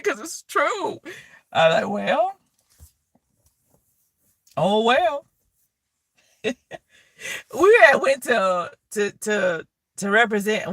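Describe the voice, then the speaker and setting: A woman tells stories in a casual, blunt and profane manner. Her voice sits high and bright and swings widely in pitch. The sound is close and dry. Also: no room sound. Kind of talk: casual storytelling.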